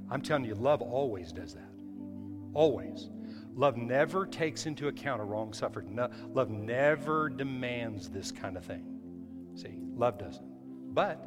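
A male pastor preaching a sermon in a church, emphatic, often restarting his phrases. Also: mid-range voice. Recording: hall reverb with faint music.

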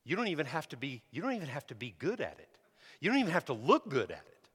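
A man preaching in a church with a bright, somewhat high voice that rings out through a reverberant hall. He tells stories in an easy, conversational way, then pushes into loud, emphatic exhortation. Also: huge pitch swings, fast talker, husky. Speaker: pastor. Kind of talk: sermon.

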